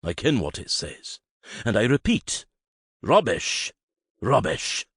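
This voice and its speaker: A man doing a gruff growling dad. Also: fairly low pitch, sing-song, slow pace, a bit bright, no room sound, clean studio sound, voice pushed up, full character voice. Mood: dismissive. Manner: growling, curt. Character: gruff grumpy Scottish father, middle-aged.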